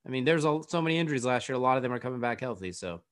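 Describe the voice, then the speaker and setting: A man's voice: mid-range voice, expressive, racing, a bit bright. A man co-hosting a casual sports podcast, chiming in with dry jokes. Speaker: podcast co-host.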